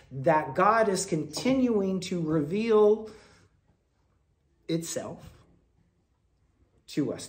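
Man telling stories in a sermon. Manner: storytelling, swinging between loud bursts and soft, low asides. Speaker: speaker at a Quaker meeting.

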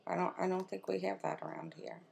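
A woman vlogging at home as she unboxes a makeup swap, gushing and excitable as she talks to her viewers and her friend. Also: on the low side, quick pace, vocal fry. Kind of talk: casual unboxing chat. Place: at home, with her children nearby.

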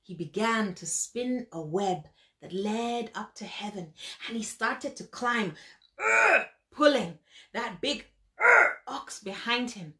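A woman storyteller narrating a folk tale in an animated way, with sound effects and vivid emphasis. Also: mid-range voice, takes it slowly.

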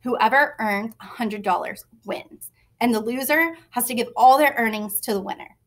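A woman puts on a small, bold little sister with a high voice, smug and cutting. She talks back quickly and sure of herself. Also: natural voice. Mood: scheming.

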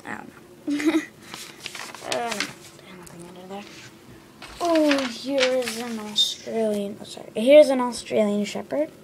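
A woman talks slowly through her sketches in a casual show-and-tell, pausing on ums and correcting herself as she goes. The recording carries a steady hiss of background noise. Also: fairly high pitch. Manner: hesitant, full of ums and quick self-corrections. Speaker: video creator showing her drawings.

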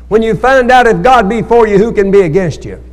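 A man's voice: high voice, brisk. A male pastor, preaching a sermon and calling on the congregation for amens. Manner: preaching with call-and-response to the congregation. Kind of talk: sermon at Bible study. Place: church hall. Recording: echoey church hall.

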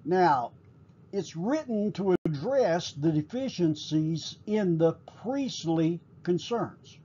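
A man teaching a recorded class, explaining at a measured pace with frequent pauses and fillers. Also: sits high, expressive, dark tone, slightly rough, lo-fi sound.

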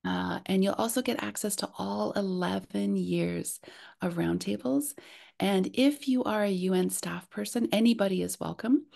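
A woman hosting a webinar over a video call, soft-spoken and gently enthusiastic as she reads out participants' comments. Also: on the low side, creaky. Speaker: host.

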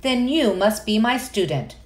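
A woman voicing a chirpy little yellow bird who is an eager teacher, speaking in a sing-song, exclamatory way. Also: a little high, lively intonation, unhurried, soft background music. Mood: cheerful.

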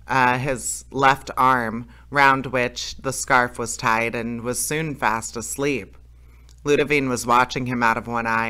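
A man's voice: medium pitch, pushed and bright, clear, resonant tone. A man reading a fairy tale aloud as a storyteller, plain and unpolished, with small slips and self-corrections.

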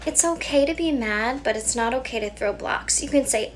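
A young woman modeling speech for toddlers, with slow, exaggerated, sing-song baby talk. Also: fairly high pitch, background noise. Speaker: children's educator.

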